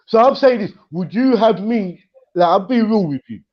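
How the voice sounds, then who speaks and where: A man with a fairly high voice argues as a debate guest, stumbling and repeating himself as he works through his points. The audio comes through a muffled online call. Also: lively intonation. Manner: halting, repeats words, builds his points slowly. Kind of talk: heated debate chat.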